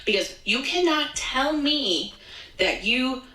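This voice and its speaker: A woman's voice: high voice, animated, slow, bright, forceful tone. Indignant young-sounding woman ranting, echoey. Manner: indignant, emphatic. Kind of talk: social media rant clip. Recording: echoey, from a distance.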